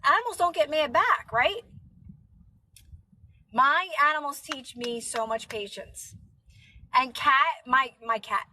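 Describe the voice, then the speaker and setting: Bright high-voiced woman chatting on a live stream. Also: lively intonation, slow, long pauses, low-quality recording. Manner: chatty, rambling with many fillers. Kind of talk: casual live stream chat.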